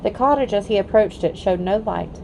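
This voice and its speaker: A woman reading a novel aloud to her children in a gentle, steady storytelling voice. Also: medium pitch, moderate pace, vocal fry, a little hiss or hum, poor audio.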